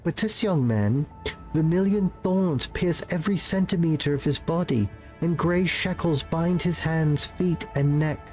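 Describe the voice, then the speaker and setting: A haughty noblewoman, read by a man in a formal, unhurried voice that stays close to his everyday tone. Faint music hums behind the dialogue. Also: fairly high pitch, a little mellow, voice pushed up, natural voice. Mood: measured. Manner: formal, deliberate reading. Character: haughty young noblewoman, cool and measured.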